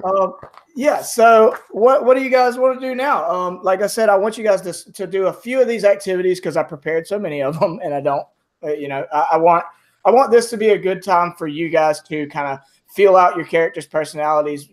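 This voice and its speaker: A man narrating a tabletop game as game master, rambling with many fillers and restarts. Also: on the high side.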